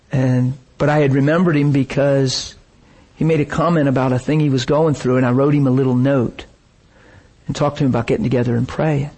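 A man's voice: mid-range voice, steady tone, normal speed, a little mellow. A middle-aged man preaching a sermon, telling stories in an emotional, emphatic way.

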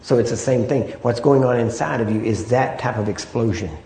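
A man's voice: medium pitch, a little fast, dark tone, reverberant, a little hiss or hum. A man preaching a sermon in a conversational way, often checking in with the listeners through rhetorical questions.

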